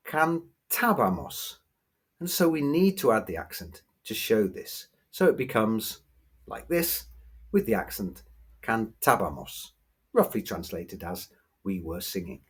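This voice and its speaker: Guy teaching spanish grammar, kinda breathy voice, bouncy intonation, repeats words slow. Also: fairly low pitch, very animated, a little mellow. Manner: patient, spells out rules slowly and repeats example words. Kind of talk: explanatory language lesson.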